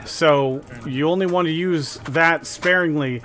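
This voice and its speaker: A man's voice: on the high side, measured pace, fairly bright tone. A man livestreaming a game, patiently explaining the controls step by step in a casual way.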